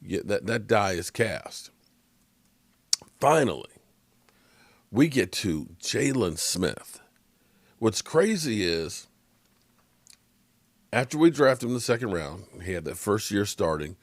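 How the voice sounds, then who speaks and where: A tired man, yawning now and then from lack of sleep, gives a casual sports commentary monologue, rambling conversationally with frequent restarts. His low-ish voice is expressive and a little slow, with long pauses, in a dry recording.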